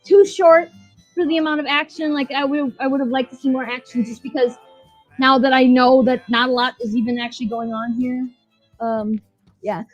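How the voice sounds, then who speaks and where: Reviewing a show with her podcast co-host, a woman with a high, steady voice speaks at a moderate pace, rambling and swearing and laughing as she retells scenes. Faint music sits under the dull, lo-fi audio.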